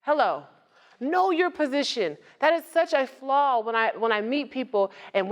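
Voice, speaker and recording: A woman's voice: a little high, moderate pace. A woman giving a motivational talk to a live audience as a nonprofit founder, conversational and joking, often asking the crowd questions. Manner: lively, conversational, asks the audience questions and jokes.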